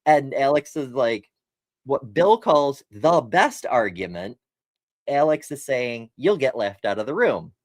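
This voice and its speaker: A wry man reviews a debate with sarcastic asides. His pitch swoops around freely as he talks. The sound is dry and close, with no room around it. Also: very animated, a little slow, no room sound. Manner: wry, sarcastic listing of examples. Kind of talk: casual analytical commentary.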